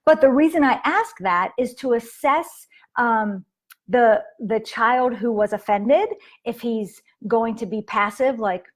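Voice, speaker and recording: Woman, parenting coach, casual live-stream delivery, slightly high voice, chatty with fillers. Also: unhurried. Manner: chatty, with fillers and acted quotes of kids.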